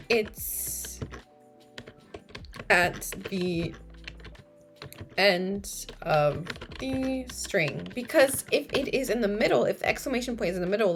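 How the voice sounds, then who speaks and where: A young woman streaming live while she codes, thinking aloud, chatting with viewers and correcting herself mid-sentence. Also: mid-range voice. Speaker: streamer teaching coding.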